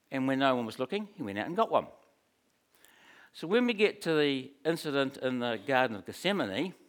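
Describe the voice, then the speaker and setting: A man preaching a sermon in a conversational, storytelling way, with humorous asides. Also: fairly high pitch.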